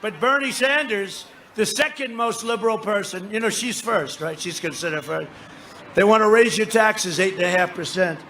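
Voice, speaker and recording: A man in his seventies giving a rambling, repetitive, boastful campaign rally speech into a podium microphone, often shouting to the crowd. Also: sits high, normal speed. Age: 70s. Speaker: politician addressing a rally. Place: large rally venue. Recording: noisy live rally sound.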